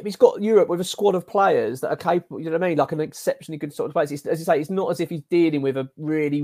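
A man from England co-hosting a casual football podcast, giving animated, exasperated opinions and calling his co-host mate. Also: a little high, dry recording, clean studio sound.

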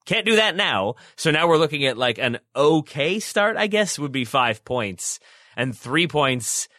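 A man's voice: fairly high pitch, big pitch swings, measured pace, sharp tone, dry recording, studio quality. A man co-hosting a podcast, talking through soccer tactics at length in long, run-on stretches full of restarts. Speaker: podcast co-host. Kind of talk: casual soccer analysis chat.

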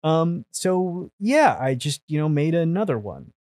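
Animated, swearing male storyteller, dry sound. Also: on the high side, a little slow, dry recording. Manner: animated, swears freely, acts out quotes. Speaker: podcast guest, producer. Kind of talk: casual storytelling.

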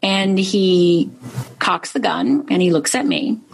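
A woman's voice: lowish voice, slow, vocal fry, slight background noise. A middle-aged woman from Upper Michigan, a life coach, telling a personal story in an interview, earnestly checking in with "right?". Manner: earnest, frequent "right?" tags.

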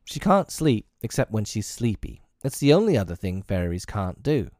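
A man's voice: on the low side, sing-song, moderate pace, darkish tone, no echo, clean studio sound. A man reading aloud, voicing a proud, commanding boy leader with a clipped, lofty manner.

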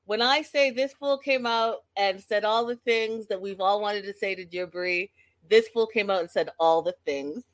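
A woman in casual chat, retelling a story in an animated way with frequent laughter. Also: mid-range voice, moderate pace. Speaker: vlogger.

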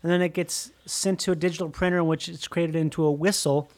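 A speaker joins a loose conversation with playful, absurd riffs and quick interjections. The voice sits in a middle register. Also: medium pitch, steady tone, a little mellow. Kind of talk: casual chat.

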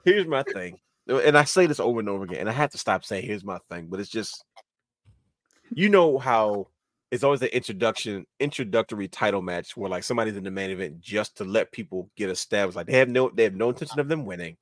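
A man hosting a casual wrestling podcast, talking in animated, rambling runs and laughing often. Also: lowish voice, quick pace, no room sound, studio quality. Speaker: podcast host.

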